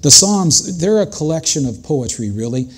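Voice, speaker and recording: A man's voice: on the high side, sing-song, moderate pace, husky. An older man preaching a sermon as a pastor, earnest and conversational, speaking directly to his congregation.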